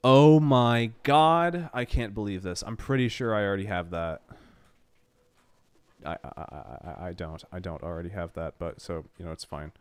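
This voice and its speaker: A man's voice: deep voice, moderate pace. Rambling young man streaming a game. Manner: rambling, swearing, mock exasperated exclamations. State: runny nose from allergies. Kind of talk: casual game stream chatter.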